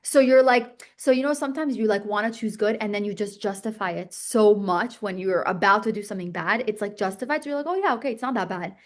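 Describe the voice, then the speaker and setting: A woman teaching a religious text class in a lively, chatty way, often checking in with "okay?" and "right?" and acting out inner voices. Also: mid-range voice. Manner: talks fast and restarts, acts out inner voices. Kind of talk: classroom lesson.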